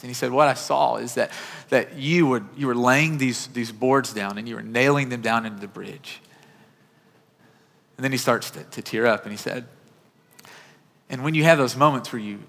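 A man's voice: mid-range voice, vocal fry, fairly bright tone. A man in his thirties preaching a sermon, telling a personal story in an earnest, conversational way. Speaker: pastor. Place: church auditorium. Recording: church hall reverb.

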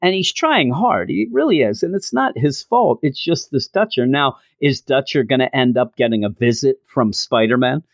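A man's voice: medium pitch, expressive, normal speed, hardly any pauses, dry recording, clean studio sound. A middle-aged man casually reviewing a comic book, enthusiastic and rambling with frequent restarts.

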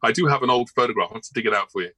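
A man's voice: medium pitch, racing, bright, forceful tone, no room sound, poor audio. A male actor chatting as an interview guest, rambling along with many ums and restarts. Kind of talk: casual interview chat.

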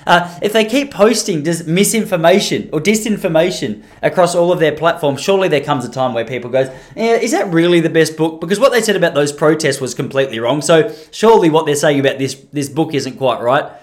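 A man's voice: fairly high pitch, brisk, few pauses. A man hosting his own podcast, rambling and self-deprecating in casual chat. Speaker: podcast host.

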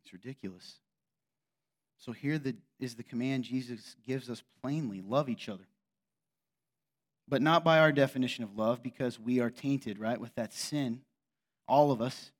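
A man's voice: medium pitch, moderate pace, long pauses. A middle-aged man preaching a sermon as pastor, conversational, with rhetorical questions and sarcastic asides.

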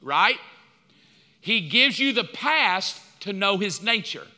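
A man preaching a sermon in a church, lively and conversational, acting out back-and-forth dialogue with God. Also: high voice, slow, long reverb tail. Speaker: pastor. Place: church sanctuary.

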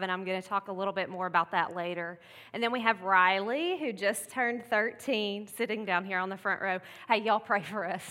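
A woman's voice: mid-range voice, sharp tone. A woman, giving a casual, chatty Mother's Day sermon with laughing asides. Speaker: pastor's wife giving a Mother's Day message. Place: church sanctuary. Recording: long church-hall reverb.

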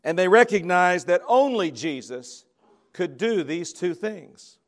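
A man with a notably high voice delivers a sermon to a gathering. He is emphatic, dropping to soft, drawn-out words and then pressing louder on key phrases. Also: expressive. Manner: emphatic, swings between soft and loud. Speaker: preacher giving a convocation message.

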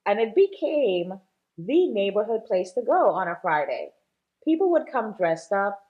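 A woman's voice: mid-range voice, very animated, unhurried, narrow, tinny audio. A woman guest in a casual interview, a shop owner talking chattily with many fillers and easy laughs.

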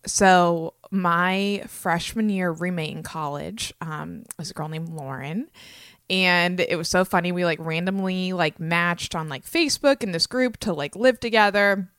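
A woman's voice: fairly low pitch, a little slow, fairly bright tone, smooth, no room sound, clean studio sound. Upbeat woman podcaster with a slight lisp. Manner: upbeat and chatty, many "like" fillers. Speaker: podcast host. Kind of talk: casual solo podcast talk.

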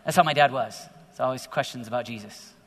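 A middle-aged man preaching to teenagers in a large hall, energetic and exhorting, often growing animated. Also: mid-range voice, fast talker, slight background noise. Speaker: youth speaker. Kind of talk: sermon to teenagers. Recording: long hall reverb.

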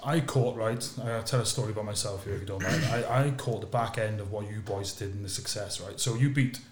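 A man, a podcast host and former sevens captain, telling a lively anecdote that drops low and quiet for asides. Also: brisk, echoey room. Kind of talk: animated storytelling in a casual chat.

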